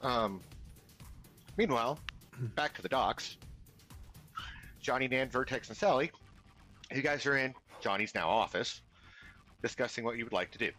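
A man's voice: mid-range voice, animated, normal speed, long pauses, pushed and bright, faint music behind. A man narrating as game master of a tabletop game, rambling with lots of fillers and restarts.

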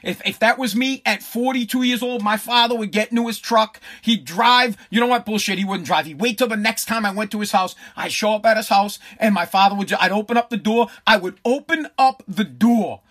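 A man in his forties rants bluntly and profanely through his commentary. His voice sits very high and sounds bright and tense. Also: fairly quick, hardly any pauses. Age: 40s. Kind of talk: ranting commentary.

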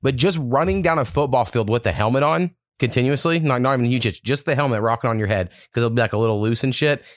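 A man's voice: mid-range voice, quick pace, dry recording, clean studio sound. A young man, hosting a casual podcast and telling long, profane, rambling stories. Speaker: podcast host.

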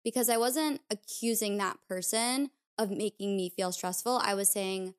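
A woman's voice: medium pitch, normal speed, hardly any pauses, clear, resonant tone. A woman hosting a podcast, talking candidly and confessionally about her own life in a casual, reflective way. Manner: candid, confessional, uses filler "like". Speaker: podcast host. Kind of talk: personal reflective podcast talk.

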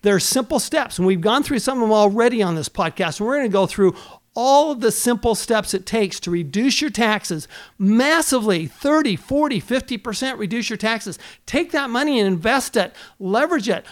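A man who is an accountant hosting a podcast, talking in an earnest coaching way and firing off rhetorical questions. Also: very high voice. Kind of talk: motivational podcast talk.

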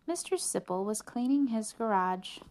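A woman reading a picture book aloud to a child, expressive and adding chatty asides. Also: a little high, moderate pace. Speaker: reader to a child.

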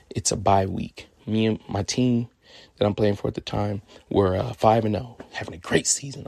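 A man from California in his twenties, telling a personal story in a profane, animated way. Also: mid-range voice, creaky, breathy edge, dry recording.

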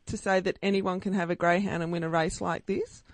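A woman's voice: on the low side, flat delivery, fairly quick, no room sound. A woman hosting a radio show, interviewing a guest in a friendly, chatty manner. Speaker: radio host.

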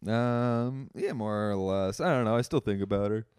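A man's voice: lowish voice, normal speed, clean tone, no echo. A man co-hosting a comedy podcast, a stand-up comic who laughs often and mocks himself in loose chat. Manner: laughs often, lively and self-mocking. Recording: dry close-miked.

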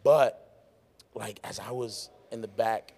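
An excitable man rambles and laughs through a casual podcast chat, his voice slightly worn from singing. He sounds like he is in a warehouse-style venue right after a show. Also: fairly low pitch, slow pace. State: losing his voice. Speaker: podcast host and worship musician.

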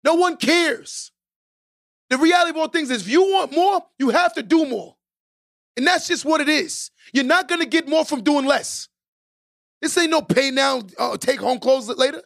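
A man with a strikingly high voice hosts a podcast and preaches motivation at the listener. He hammers his points home by repeating lines and climbs into shouted exhortations. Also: lively intonation, moderate pace, gravelly. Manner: emphatic and preachy, repeats key lines for stress. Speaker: podcast host.

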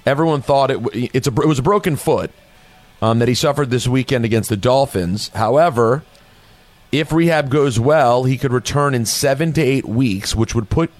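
Sports show host dude, chatty and jokey, medium voice, reads news bits. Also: male voice, medium pitch. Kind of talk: casual sports talk.

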